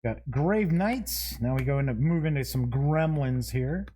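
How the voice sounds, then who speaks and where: Here a show host gives easygoing unboxing commentary in a mellow, medium-pitched male voice, animated though a little slow. One after another he names the items aloud, adding short side remarks and chuckling to himself.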